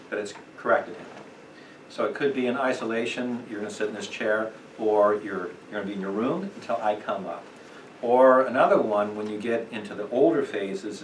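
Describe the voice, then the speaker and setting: A middle-aged man teaching a parenting class at church, talking conversationally with many fillers and acting out quick quotes. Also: lowish voice, fairly bright tone. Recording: echoey room, distant mic, noisy.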